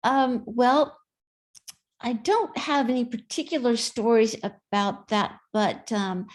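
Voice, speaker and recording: A woman's voice: on the high side, slow. A woman guest in an interview, chatting and telling stories in an easy way. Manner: chatty anecdotal storyteller. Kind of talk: casual interview storytelling.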